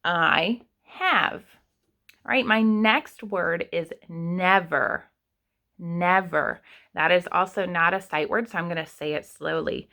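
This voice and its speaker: A young adult woman teaching an online kindergarten writing lesson, sounding out words slowly and patiently for young children. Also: on the low side, fairly even intonation, gravelly, sharp tone. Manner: slow, sounding out words step by step.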